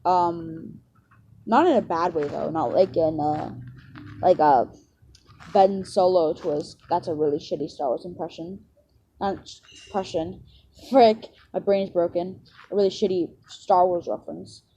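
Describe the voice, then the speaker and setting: A woman's voice: on the low side, unhurried, dark tone, highs cut off, a little hiss or hum. A woman vlogger rambling through a casual story with lots of fillers and self-corrections. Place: outdoors near home.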